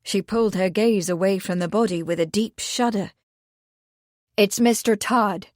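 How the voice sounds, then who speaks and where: A woman narrating a mystery audiobook in a steady, measured storytelling manner. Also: medium pitch, dry recording, studio quality.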